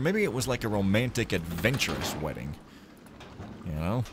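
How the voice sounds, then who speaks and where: A man's voice: fairly low pitch, very animated, normal speed, noisy background. A man giving casual, rambling commentary while playing a stealth game, joking to himself as he goes. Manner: playful, rambling, jokey asides. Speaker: let's play gamer.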